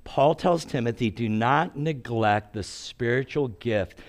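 A man's voice: medium pitch, measured pace. A man in his sixties preaching a sermon in a storytelling way, acting out quotes and laughing at his own stories.

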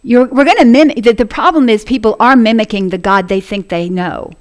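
Woman preaching a warm sermon. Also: a little high, brisk. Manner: earnest, laughs often, addresses congregation as family.

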